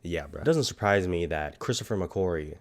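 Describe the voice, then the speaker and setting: Young male reviewer, stuffy nose, excitable and profane, slightly low voice. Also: brisk. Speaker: film reviewer. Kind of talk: casual vlog review.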